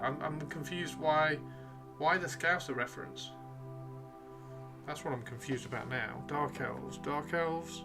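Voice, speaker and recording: A man's voice: on the high side, measured pace, creaky, music in the background. A man chatting casually on a live stream while painting miniatures, rambling and playfully teasing his chat.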